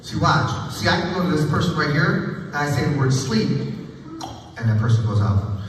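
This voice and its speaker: A man's voice: on the high side, big pitch swings, moderate pace. A man working as a stage hypnotist, teasing and bossing volunteers in playful live-show patter on a theater stage. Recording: echoey hall from far off, noisy.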